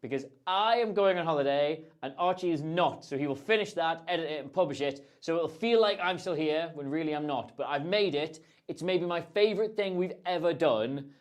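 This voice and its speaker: A man's voice: fairly high pitch, fairly quick, hardly any pauses. A man hosting a casual livestream, answering viewer questions in a chatty, rambling, self-deprecating way. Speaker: host.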